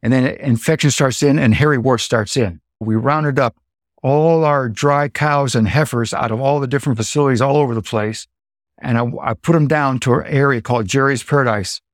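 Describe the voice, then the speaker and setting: A middle-aged American man and dairy farmer, telling farm stories in a lively way, acting out what people said and making sound effects. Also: mid-range voice, normal speed, no echo, studio quality. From United States. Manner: animated storyteller, acts out quotes and sound effects. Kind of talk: anecdotal storytelling.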